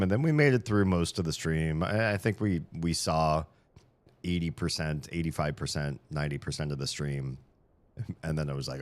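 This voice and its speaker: Man, very deep voice, tired, rambling jokey streamer chat, stammered restarts, dry close sound. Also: normal speed, no echo. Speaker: live streamer and host. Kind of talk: casual live-stream chat. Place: streaming room with shelves. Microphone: studio microphone.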